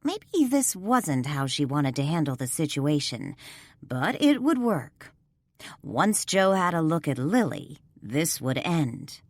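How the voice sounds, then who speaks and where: A woman narrating a ghost mystery audiobook in an expressive storytelling voice. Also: low-pitched, takes it slowly, no room sound, studio quality. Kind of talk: scripted narration.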